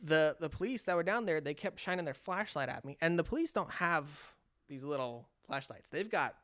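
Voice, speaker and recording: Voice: mid-range voice, fairly quick, no echo, studio quality. A speaker from California telling a long personal story in casual chat, acting out quotes with lots of restarts. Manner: animated, acts out quotes, frequent restarts.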